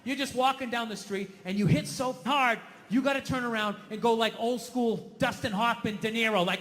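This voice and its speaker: A middle-aged man doing a stand-up comedy set on stage, ranting loudly and swinging from low mutters to yells. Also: steady tone, normal speed, few pauses. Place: comedy stage in a large venue. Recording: reverberant hall, faint noise.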